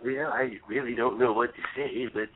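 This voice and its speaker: A man caller on a call-in talk show, hesitant and mumbling, with a gravelly voice. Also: medium pitch, fairly even intonation, moderate pace. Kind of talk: casual call-in chat. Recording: tinny phone line with faint hiss.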